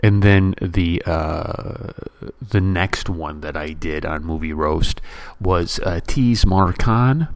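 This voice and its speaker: A man with a very low voice, recorded close and dry, hosts a casual podcast. He rambles with fillers and restarts, then builds into blunt, exasperated rants full of exaggerated comparisons. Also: takes it slowly, no echo. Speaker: podcast host. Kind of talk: casual movie-review rant.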